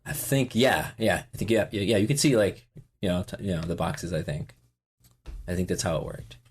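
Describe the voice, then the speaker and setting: His voice sits low and sounds expressive, at a normal speed. The man, in his forties, is a podcast guest in a casual interview, wandering off in his answers with plenty of fillers and restarts.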